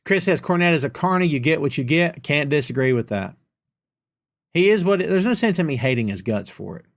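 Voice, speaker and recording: A man's voice: on the high side, lively intonation, fairly quick. Man hosting a casual chat show. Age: middle-aged. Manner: reads viewer comments aloud and reacts with playful sarcasm. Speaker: podcast host answering audience questions. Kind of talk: casual live-stream chat.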